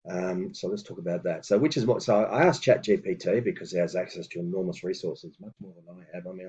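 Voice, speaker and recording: A man teaching a lesson, reading out phrases slowly and deliberately, with hesitant fillers between explanations. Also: low voice, a little mellow, slightly rough, dull audio. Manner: slow and deliberate on old words, with hesitant fillers. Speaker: language teacher. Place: room with books on a table.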